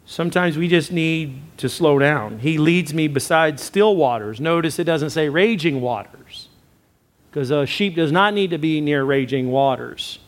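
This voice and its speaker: Pastor, male, slightly raised pitch, emphatic preacher who repeats lines and addresses the congregation directly. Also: lively intonation, unhurried. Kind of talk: sermon.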